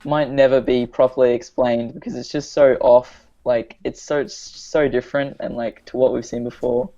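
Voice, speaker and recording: A man as a guest on a casual podcast, agreeable and quick with short yeahs. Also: mid-range voice, steady tone, warm tone, muffled recording. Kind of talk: casual chat.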